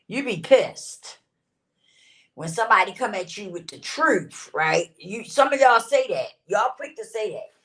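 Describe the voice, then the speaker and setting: Woman, vlogger, preachy blunt rant, swings all over in pitch, slightly high voice. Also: fairly bright tone. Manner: preachy, repetitive, emphatic, laughs often; blunt, swears casually. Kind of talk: talking-to-camera rant.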